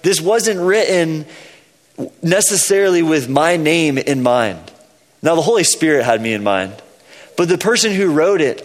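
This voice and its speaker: A man preaching a relaxed, conversational sermon as a pastor in a church. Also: fairly high pitch, in a large hall. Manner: conversational, chatty with fillers like "man" and "kinda". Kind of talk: casual sermon. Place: church sanctuary.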